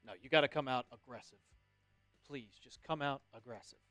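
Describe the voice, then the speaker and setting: A man co-hosting a fan live stream, chiming in with quick casual remarks and echoing the host. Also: mid-range voice, sharp tone, soft background music. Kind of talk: casual banter.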